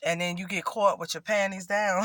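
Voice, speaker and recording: A man's voice: high-pitched, bright, forceful tone, no room sound, studio quality. A man chatting to camera as a vlogger, sassy and chatty, calling himself by a nickname in the third person. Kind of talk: casual chat to camera. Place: at home in Florida.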